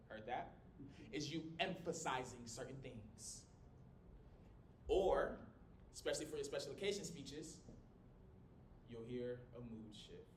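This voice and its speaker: Animated male instructor in an echoey classroom. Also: measured pace. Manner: lively, swings volume and pitch to demonstrate, joking asides. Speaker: college instructor. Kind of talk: classroom lecture. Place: small classroom. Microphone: no microphone, recorded from across the room. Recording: echoey room from a distance with low rumble.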